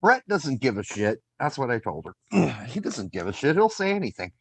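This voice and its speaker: A man co-hosting a casual soccer podcast, animated, laughing often and swearing freely. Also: mid-range voice, normal speed, slightly rough, dry recording. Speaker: podcast co-host.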